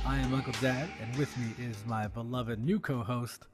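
A man's voice: medium pitch, normal speed, hardly any pauses, faint music behind. A man hosting a podcast, casual and jokey, reading a sponsor spot and laughing often. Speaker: podcast host.

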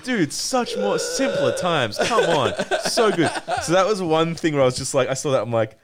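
Guy on a podcast, super lively pitch, swears a lot, does little voices for every scene. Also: moderate pace. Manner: animated, acts out scenes in put-on voices; swears freely. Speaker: podcast co-host. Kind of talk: casual chat.

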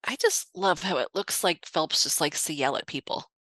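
A woman's voice: sits low, lively intonation, normal speed, pushed and bright, dry recording. A woman co-hosting a podcast, chatting casually and laughing often as she speculates. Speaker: podcast co-host. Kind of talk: casual chat.

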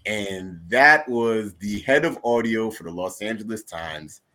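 A man's voice: fairly low pitch, measured pace, pushed and bright. A man co-hosting a podcast in casual chat, laid-back and joking, often repeating his phrases. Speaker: podcast co-host.

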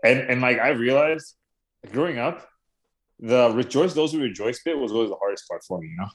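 A man's voice: mid-range voice, animated, a little fast. A young man co-hosting a casual podcast chat, talking hesitantly with many repeated fillers and restarts. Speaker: podcast co-host.

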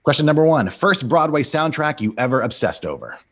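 Upbeat host with a lively voice. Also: male voice, on the high side, fairly quick. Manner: upbeat, laughs easily. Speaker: interview host. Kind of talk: casual interview, quickfire questions.

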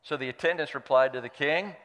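A man's voice: on the high side, a little fast, long reverb tail. A man preaching, reading scripture aloud and adding playful, joking asides. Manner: playful, animated storyteller who jokes aside. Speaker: pastor.

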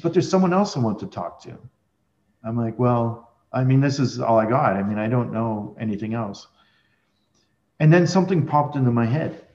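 A man talks through a long personal story as a podcast guest. He rambles and restarts as he goes, and his voice sits at a middle pitch. The sound is roomy and a little dull. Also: a little mellow. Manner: rambling, with many restarts and fillers. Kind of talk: conversational storytelling.

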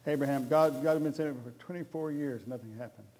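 A man's voice: fairly high pitch, quick pace, mellow, long reverb tail. A man preaching a humorous sermon in a folksy, jokey way. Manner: folksy, jokey, addresses crowd as guys.

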